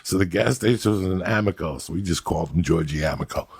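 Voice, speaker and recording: A middle-aged podcast host with a low-pitched voice tells street stories at a quick pace in casual chat. Gravelly and animated, he acts out the voices of the people in them.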